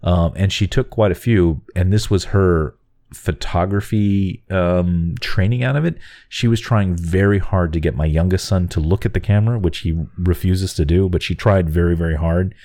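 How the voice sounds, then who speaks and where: A man's voice: deep voice, normal speed, warm tone. A middle-aged man co-hosting a casual podcast, telling a story with exasperated asides. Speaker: podcast co-host.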